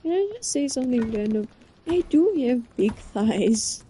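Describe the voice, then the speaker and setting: Slow-talking young woman with a dark voice. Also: on the high side, sing-song, slightly rough. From Britain. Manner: rambling, giggly, playfully flustered. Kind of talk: casual chat to a listener. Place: indoors, under a blanket.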